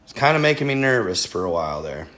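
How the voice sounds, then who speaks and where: A man's voice: low voice, very animated, fast, a bit bright. A man hosting a casual livestream, rambling with many fillers and talking straight to his viewers. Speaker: livestream host.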